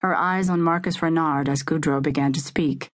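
Low-voiced woman narrating a thriller. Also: steady tone, normal speed. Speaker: audiobook narrator. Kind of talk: scripted dramatic narration.

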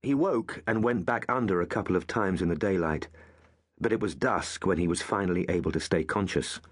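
A man narrating an audiobook with measured, expressive storytelling. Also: low voice, slightly rough.

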